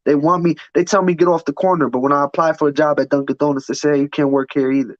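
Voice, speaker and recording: Man guest, fairly high voice, blunt and heated, dull dry recording. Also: steady tone, quick pace, no echo. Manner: blunt, profane, heated storytelling. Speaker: podcast guest. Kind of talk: casual storytelling chat.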